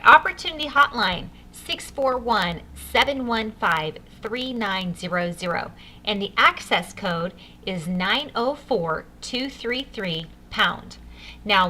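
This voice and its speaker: A woman with a medium-pitched, sharp-toned voice runs a sales training session for new consultants. She's upbeat and coaching, speaking directly to her listeners with enthusiasm.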